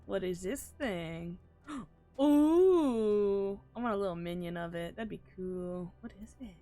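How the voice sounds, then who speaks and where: A woman's voice: on the low side, moderate pace, a little mellow, no room sound, faint music behind. A woman streaming a game live, chatting casually with joking, profane, blurted reactions. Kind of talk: casual live gameplay chat.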